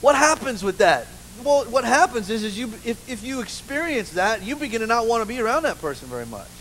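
Brief: high-pitched pastor, animated and funny, live church, faint room noise. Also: male voice, a little fast, low-quality recording. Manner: animated, humorous storytelling with many "you know"s. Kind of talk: sermon.

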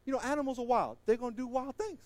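Brief: male stand-up comic, high voice, dry close sound, animated storyteller who acts out voices. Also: fast, no room sound. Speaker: comedian.

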